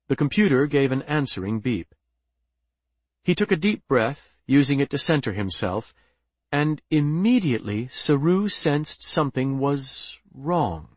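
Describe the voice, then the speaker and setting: A man narrating an audiobook in a measured, even way. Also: mid-range voice, no room sound. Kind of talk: scripted narration.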